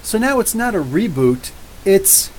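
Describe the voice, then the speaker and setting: A man in his forties from New Jersey, hosting a live comics podcast and answering viewer comments in a rambling, jokey way, with drawn-out R's. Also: sits high, very animated, darkish tone, slight background noise, low-quality recording. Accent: New Jersey with drawn-out Ohio-style R's. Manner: rambling, jokey, talks back to chat. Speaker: podcast host.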